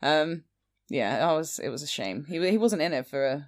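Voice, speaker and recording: Low-voiced woman, chatty. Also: big pitch swings, moderate pace. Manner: chatty, storytelling with quoted asides. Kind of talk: casual chat.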